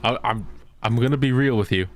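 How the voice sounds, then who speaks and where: A man's voice: mid-range voice, brisk. A man co-hosting a podcast in casual comedic chat, swearing and spinning silly scenarios. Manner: animated, profane, storytelling. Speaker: podcast co-host.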